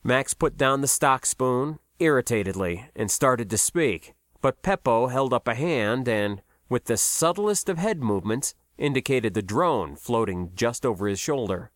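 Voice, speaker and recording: A man narrating a science fiction story in a measured, expressive way. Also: medium pitch, no room sound, studio quality. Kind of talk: audiobook narration.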